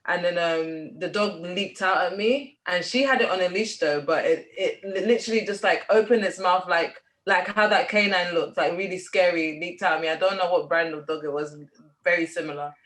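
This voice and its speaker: A woman's voice: fairly low pitch, moderate pace, fairly bright tone, poor audio. A woman in casual conversation, telling a long personal story with many fillers. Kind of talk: casual chat.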